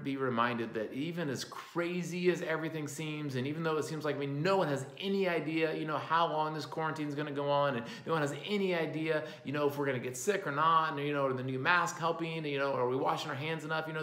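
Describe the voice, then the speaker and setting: A man's voice: mid-range voice, a bit bright. A man preaching a sermon as pastor, talking in a loose, conversational way with lots of fillers and restarts. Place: church hall. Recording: echoey room.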